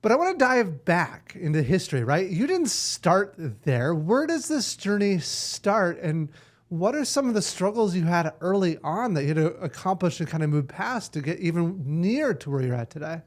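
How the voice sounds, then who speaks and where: Male podcast host, curious interviewer, fairly high voice, asks open questions. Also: sing-song, normal speed.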